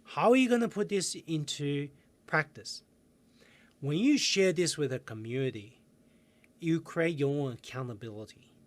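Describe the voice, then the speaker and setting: Man, fairly high voice, calm self-help coach, guiding, slow pauses. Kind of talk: self-help video lesson.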